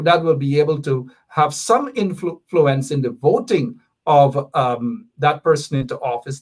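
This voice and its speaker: Appearing as an activist guest on a talk show, a man with a fairly high voice lays out his position in a measured, deliberate way. He repeats points for emphasis.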